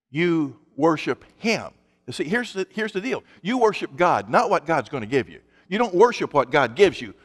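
A male pastor delivers a sermon in a slightly high voice, speaking emphatically yet conversationally and putting rhetorical questions to his congregation. A long reverb tail trails after his words.

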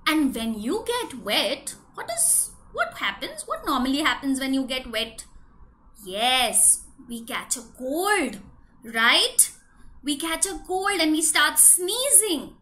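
A woman, a preschool teacher telling a story to young children, animated and often asking them questions. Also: sits high, slow pace.

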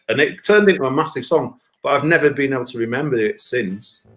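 A man telling a rambling, sweary personal anecdote, jumping up loud when he quotes himself. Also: medium pitch, a little fast. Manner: sweary, animated, rises to shouts when quoting himself. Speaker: storyteller. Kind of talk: casual anecdote.

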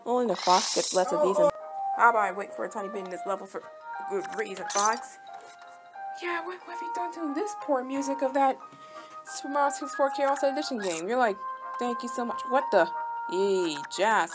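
A woman giving rambling, casual game commentary, breaking into sudden excited exclamations. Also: a little high, a little fast. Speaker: gameplay commentator. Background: game music.

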